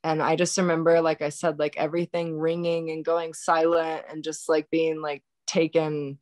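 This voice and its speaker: A woman telling a painful personal story as a podcast guest, halting and full of fillers and restarts, still in shock. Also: sits low, little pitch movement, darkish tone, no room sound. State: recounting shock and grief. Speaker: birth worker.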